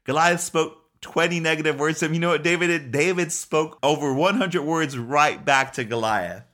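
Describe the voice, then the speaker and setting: A male preacher delivers an emphatic, urgent sermon, circling back and repeating himself as he presses each point. His voice sits somewhat high for a man. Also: moderate pace, fairly bright tone. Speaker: pastor.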